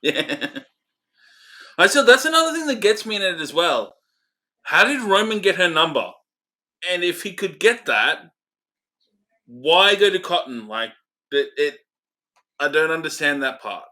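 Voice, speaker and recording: A man's voice: on the high side, sing-song, unhurried, long pauses, sharp tone. A man co-hosting a casual film review podcast, easygoing and a little hesitant, laughing often. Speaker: podcast co-host.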